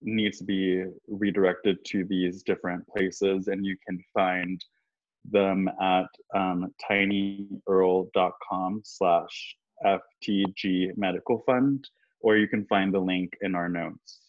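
A man's voice: sits low, level tone, takes it slowly, muffled recording. A man hosting a podcast, chatting casually and teasing his guest with frequent giggles. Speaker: podcast host. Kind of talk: casual chat.

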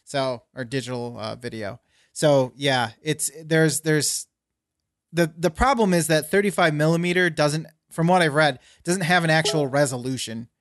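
A man's voice: on the high side, moderate pace, no echo, clean studio sound. A man co-hosting a casual podcast, rambling through stories with self-mocking humor and plenty of fillers. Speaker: podcast co-host. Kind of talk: casual chat.

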